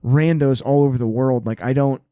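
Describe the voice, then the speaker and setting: A man's voice: mid-range voice, a little fast, clean tone, dry recording. Loose, storytelling podcast host guy. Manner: animated storyteller, swears freely. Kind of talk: casual podcast chat.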